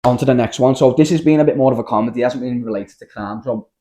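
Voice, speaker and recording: A young man with a Scouse accent, telling a story in casual podcast chat, animated and full of slang and swearing. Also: mid-range voice, quick pace. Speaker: podcast host.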